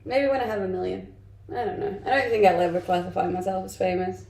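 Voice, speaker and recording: A young woman streamer from Denmark, her English carrying a mixed, Danish-tinged accent, chats easily with her viewers and reads their messages aloud. Her voice has a gravelly fry to it and sits at a middling pitch. The room around her sounds echoey. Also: fairly even intonation, quick pace, a little mellow. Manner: chatty, reads chat aloud and answers with light laughs. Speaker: streamer and content creator. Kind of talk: casual livestream chat. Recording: roomy echo.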